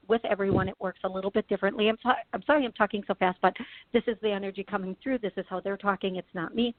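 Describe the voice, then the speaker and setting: A woman from the Midwest hosting a call-in radio show as a psychic medium, chatty and quick, with many restarts and laughs. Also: mid-range voice, dry recording, phone-quality sound.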